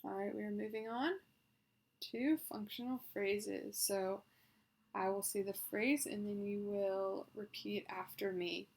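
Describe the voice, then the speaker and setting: Female speech therapist, gravelly texture, mid pitch, deliberate coaching delivery. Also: fairly even intonation. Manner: slow, clear, deliberate instruction with loud sustained vowels. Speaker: speech therapist leading voice exercises. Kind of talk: guided voice exercise session.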